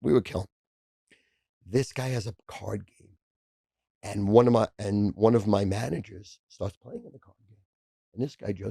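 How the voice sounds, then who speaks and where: A gravelly, husky man in his sixties spins rapid-fire, profanity-packed stories as a podcast guest. his voice is low and dark, and it sounds dry and close to the mic. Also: no room sound. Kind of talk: casual storytelling.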